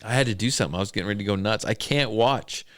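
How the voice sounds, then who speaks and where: A man's voice: on the low side, rapid-fire, fairly bright tone, no room sound, studio quality. A man hosting a casual podcast chat, rambling wryly and listing things off. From southern Idaho. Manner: rambling, wry, lists things off. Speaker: podcast host. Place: home studio.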